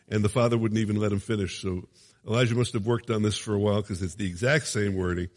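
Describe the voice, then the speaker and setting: A low-voiced male preacher reads scripture dramatically and breaks into relaxed, conversational asides with a chuckle. His voice rings with a long reverb, as in a large hall. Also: fast. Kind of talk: sermon with scripture reading.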